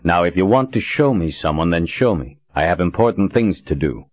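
A man voicing a weary, stubborn young leader who speaks tersely and grumbles low. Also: animated, normal speed. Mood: commanding. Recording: dull dry recording.

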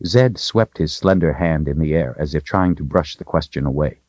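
Deep-voiced man narrating a fantasy tale. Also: normal speed, few pauses, slightly rough, no room sound, muffled recording. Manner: dramatic, expressive storytelling. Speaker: audiobook narrator.

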